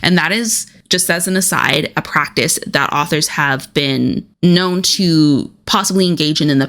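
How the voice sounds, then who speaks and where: A woman with a low-pitched voice hosts a casual commentary video. She talks in a chatty, conversational way and often drifts into offhand asides. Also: a bit bright. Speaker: online commentary creator.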